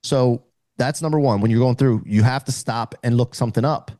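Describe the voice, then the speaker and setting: A man's voice: medium pitch, a little fast, warm tone, no echo. A middle-aged man speaking as a podcast guest, explaining earnestly in casual conversation with frequent restarts.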